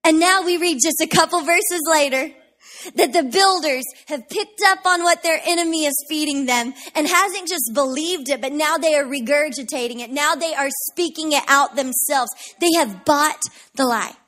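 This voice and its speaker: A woman pastor preaching a sermon with passion, building up to shouted declarations of faith. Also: high-pitched, normal speed.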